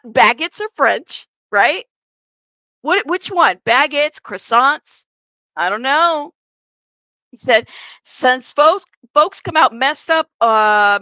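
A woman's voice: high voice, bright, forceful tone, dry recording. A woman hosting a live commentary stream, reading the chat aloud and joking. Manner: chatty, joking asides, laughs often. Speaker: commentary channel host. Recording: dull lo-fi sound.

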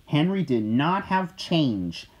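This is a gentle, expressive reading of a children's picture book. The pace is unhurried and the voice is a little breathy. The pitch rises and falls in a singsong way. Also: rough recording. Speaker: storyteller. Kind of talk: storybook read-aloud.

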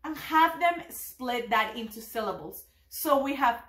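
A young woman teaching a preschool lesson to families, cheerful and encouraging, sounding out words slowly and clearly. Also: fairly high pitch, expressive, fairly bright tone, echoey room. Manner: slow, clear demonstration of words. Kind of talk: virtual family event lesson.

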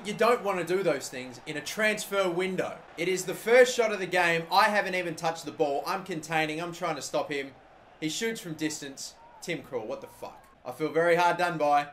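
A young man giving live, excitable commentary on a football video game, swearing often and swinging between muttering and shouting. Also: fairly high pitch, a little hiss or hum. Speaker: gaming video host.

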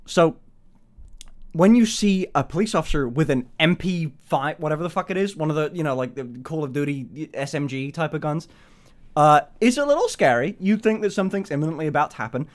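Young male streamer; rambling, excitable, expressive up-and-down delivery with frequent laughs. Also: fairly quick. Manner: rambling, swearing, giggly, high-pitched laughs. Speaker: livestream host. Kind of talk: casual live-stream chat.

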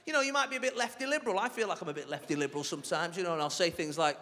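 A man's voice: sits high, rapid-fire, few pauses, sharp tone. A man doing a stand-up comedy set on a theatre stage, chatty and cheeky as he tells stories to the crowd. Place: large theatre stage with a laughing audience. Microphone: stage microphone. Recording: live hall reverb with crowd noise.

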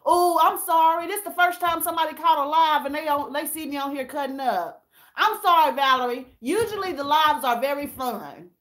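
A woman hosts a casual livestream, tearful and candid as she talks straight to her viewers, calling them y'all, and reads their comments. Her voice is high-pitched and a bit bright, at a moderate pace.

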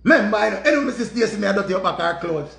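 A high-voiced man with a Jamaican accent tells a story as a dramatic, repetitive rant full of curses. His voice has a gravelly, rough edge. The recording is echoey and roomy. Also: lively intonation, rapid-fire, a bit bright. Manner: repetitive, profane, dramatic retelling. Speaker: vlogger.

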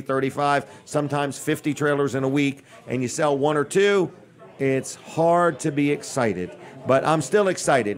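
An older man hosting a live radio and TV show from a busy restaurant, rambling casually between giveaways and sponsor plugs with dry jokes. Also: medium pitch. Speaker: host. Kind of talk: live on-location radio and TV talk.

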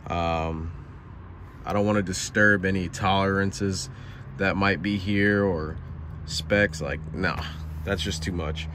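A man's voice: on the low side, fairly bright tone, a little hiss or hum. A man vlogging from inside his truck cab, explaining a repair in a laid-back, rambling way with lots of fillers and restarts. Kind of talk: casual how-to vlog.

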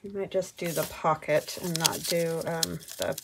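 A woman's voice: sits low, fairly even intonation, a little slow, creaky, background noise. A woman vlogger giving casual running commentary as she crafts, thinking aloud in a chatty, meandering way. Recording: paper crinkling and clicks behind voice.

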